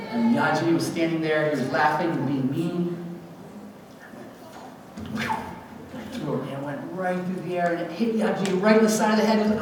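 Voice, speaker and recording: A man tells a personal testimony in a lively, animated way, slipping into other people's voices as he goes. His voice sits a little high, and he is picked up from far off in a big echoing hall with a long reverb. Steady room noise hangs underneath. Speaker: speaker at a church gathering. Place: church hall event. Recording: echoey hall recorded from far off.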